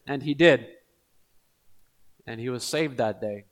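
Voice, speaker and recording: A man's voice: fairly high pitch, big pitch swings, a little slow, long pauses, a bit bright. A man preaching a sermon in an earnest manner, building to emphatic repeated appeals.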